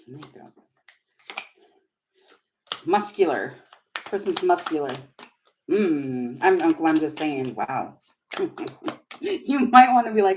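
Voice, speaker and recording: A woman's voice: mid-range voice, lively intonation, unhurried, long pauses, slight background noise, poor audio. A woman giving a chatty live tarot reading, giggling and flustered as she talks. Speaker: tarot reader.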